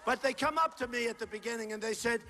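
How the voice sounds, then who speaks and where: Speaking quickly into a stage microphone, a political candidate with a high, bright male voice gives a campaign rally speech in a large indoor university venue. His delivery comes in punchy, repetitive, boastful bursts, often shouted at the crowd. A long hall reverb hangs on every line, and a faint wash of crowd noise sits beneath it.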